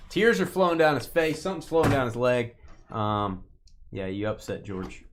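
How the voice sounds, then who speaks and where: A man's voice: medium pitch, normal speed, background noise. A man hosting a live trading-card break, calling out cards and playfully teasing viewers by name. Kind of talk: casual live-stream commentary.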